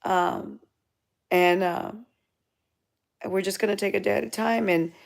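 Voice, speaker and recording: Gravelly-voiced woman in a tearful chat. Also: medium pitch, steady tone. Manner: halting, many restarts and fillers, tearful at times. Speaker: channel co-host talking to live chat. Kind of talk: emotional live-stream chat.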